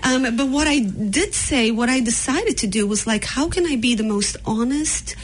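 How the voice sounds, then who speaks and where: A woman's voice: fairly high pitch, normal speed, low-quality recording. A woman with a Brazilian accent, speaking bluntly and frankly as a podcast guest in a candid conversation. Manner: blunt and frank, mixing in sharp retorts.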